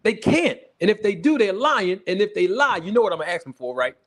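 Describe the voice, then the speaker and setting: Male livestream host, high voice with big swings, loose animated chatter that breaks into laughs. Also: quick pace. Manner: animated, laughs often, greets viewers in the chat. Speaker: host of a boxing talk livestream. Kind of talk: casual livestream commentary.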